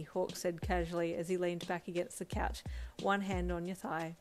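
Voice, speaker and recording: A woman with a lowish voice narrates a second-person fan story, calm and even. Faint lo-fi drum music plays under her. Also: normal speed. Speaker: fanfiction reader.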